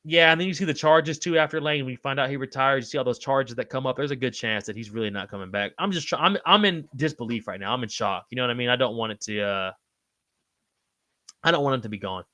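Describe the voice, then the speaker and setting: A man hosting a casual livestream, reading out comments and shouting out viewers in slangy, hyped-up talk. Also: mid-range voice, fast talker, no room sound. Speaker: livestream host.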